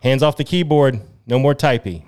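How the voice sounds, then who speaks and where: A man's voice: medium pitch, moderate pace, a little mellow, clear, resonant tone. A man co-hosting a podcast game, bantering and teasing the others with frequent laughter. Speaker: podcast co-host and contestant. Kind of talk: casual joking banter.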